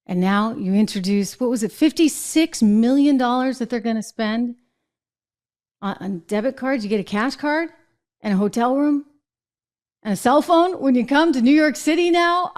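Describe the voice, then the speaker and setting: A woman from New Hampshire delivers a political commentary monologue, indignant and animated. She keeps firing rhetorical questions at her audience. Her voice sits fairly high. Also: moderate pace. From New Hampshire, USA. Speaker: commentary show host.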